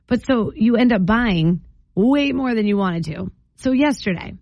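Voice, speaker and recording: A woman hosting a morning radio show, telling a story in a chatty, animated way with playful asides, speaking into a studio microphone. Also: a little high, measured pace, no room sound. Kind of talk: casual on-air chat.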